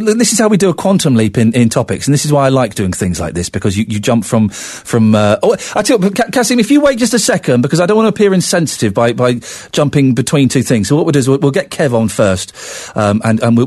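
A man's voice: mid-range voice, darkish tone, dry recording, clean studio sound. A man hosting a radio phone-in, teasing callers and bursting into snatches of song. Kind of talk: jokey phone-in banter.

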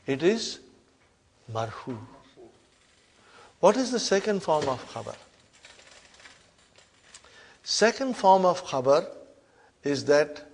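Man, grammar teacher, slightly high voice, loud stress on key words then quiet drops, repetitive drilling. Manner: repetitive call-and-response drilling, frequent check-ins; emphatic, loud rises on key terms then soft drops. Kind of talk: classroom lesson.

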